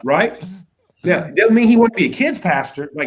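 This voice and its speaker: A man speaking as a youth pastor guest in a casual conversation, animated, acting out little quotes and often checking in with "right?". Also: high voice, normal speed. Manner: animated, acts out quotes, keeps asking "right?".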